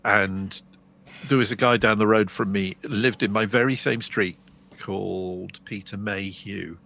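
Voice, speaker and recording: A man's voice: lowish voice, steady tone, unhurried, gravelly, pushed and bright, slight background noise. An English man co-hosting a podcast, telling long rambling stories in casual chat. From England. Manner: chatty, rambling storyteller. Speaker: podcast co-host.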